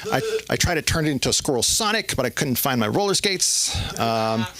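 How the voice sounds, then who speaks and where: A man's voice: medium pitch, lively intonation, sharp tone. Rambling middle-aged man doing stand-up. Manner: rambling, halting delivery with many fillers. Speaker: stand-up comedian. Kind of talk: open mic stand-up. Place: comedy club stage.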